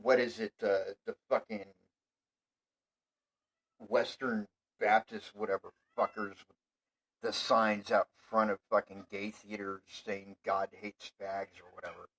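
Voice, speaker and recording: A man hosting his own show, delivering a profane, rambling monologue that swears constantly and flares into heated yelling. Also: lowish voice, level tone, unhurried, long pauses, poor audio.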